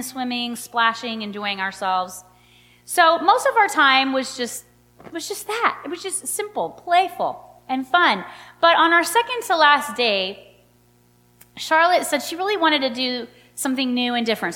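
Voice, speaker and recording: A middle-aged woman, a mother, telling a personal story in an animated, chatty way with many fillers. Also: fairly high pitch. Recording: long hall reverb.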